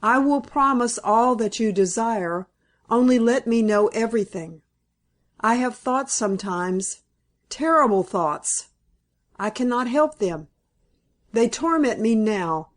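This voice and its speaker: A woman's voice: a little high, expressive, slow pace. A woman reading aloud, voicing a fearful young woman urgently pleading with her father. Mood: anguished pleading.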